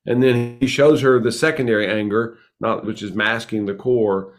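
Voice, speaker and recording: A man's voice: mid-range voice, fairly even intonation, normal speed. Emphatic middle-aged man hosting. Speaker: podcast host. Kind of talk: casual relationship podcast chat.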